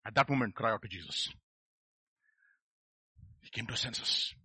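A man's voice: on the low side, moderate pace, sharp tone, husky, no room sound. A man preaching a sermon, emphatic and firing rhetorical questions at the congregation.

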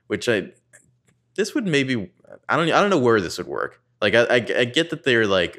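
A man's voice: deep voice, brisk, fairly bright tone. A man in casual chat, recapping a film with profane, sardonic asides and rambling digressions.

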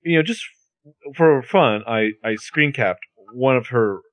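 A man's voice: mid-range voice, animated, a little slow, no echo. A man co-hosting a casual podcast, joking with wry asides while recapping a show. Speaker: podcast co-host recapping a TV episode. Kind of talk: casual chat.

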